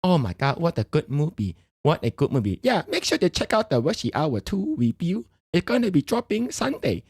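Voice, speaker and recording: A man's voice: on the high side, big pitch swings, moderate pace, few pauses, darkish tone, husky, no room sound, studio quality, heavily acted. A man putting on a crude, rambling middle-aged immigrant dad who speaks broken English and tags lines with "lah". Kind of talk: comedic character monologue on stream.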